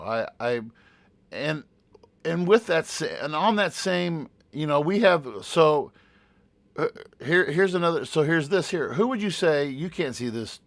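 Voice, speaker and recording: A man's voice: on the high side, dry recording. Give me a male teacher co-hosting a podcast who stumbles and restarts while reading figures, with a dry, close sound. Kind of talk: casual podcast chat.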